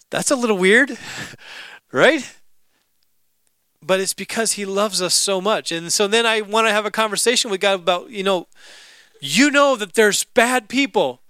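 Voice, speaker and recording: High, bright-voiced joking male preacher. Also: clear, resonant tone, dry recording. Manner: conversational and joking, slows down to stress scripture. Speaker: pastor. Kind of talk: sermon.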